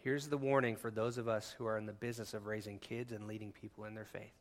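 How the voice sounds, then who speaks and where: A man preaching a sermon as pastor, impassioned and conversational, swinging from hushed lines to near-shouts. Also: on the low side, flat delivery, quick pace. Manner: conversational, with asides and laughs.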